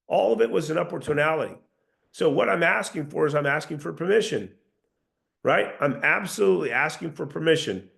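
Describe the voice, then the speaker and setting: A man's voice: fairly high pitch, a little fast, gravelly, a bit bright. A man coaching a sales team in a casual, earnest talk, often restarting his sentences. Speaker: sales trainer.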